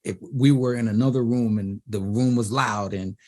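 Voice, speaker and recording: A middle-aged man from Brooklyn, telling animated stories as an interview guest and acting out the voices of others. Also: mid-range voice, normal speed. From Brooklyn, New York. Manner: animated storyteller who acts out quoted voices. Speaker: DJ and producer guest. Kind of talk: storytelling in a panel interview.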